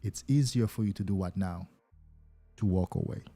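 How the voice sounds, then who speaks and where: A man who is not a native English speaker, a life coach talking to viewers on a livestream in an animated way, acting out little scenes. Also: low-pitched, moderate pace, slightly rough.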